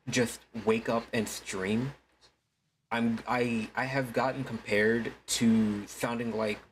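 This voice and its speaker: A man's voice: mid-range voice, slight background noise. A man streaming live, chatting casually in a put-on streaming voice, rambling with many restarts and curses. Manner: uses a deliberately put-on streaming voice. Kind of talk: casual livestream chat.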